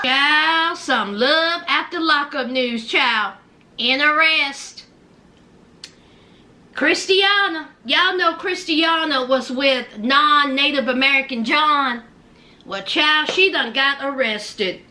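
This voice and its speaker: A woman vlogger giving loud, animated gossip commentary and calling viewers child and honey. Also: sits high, takes it slowly.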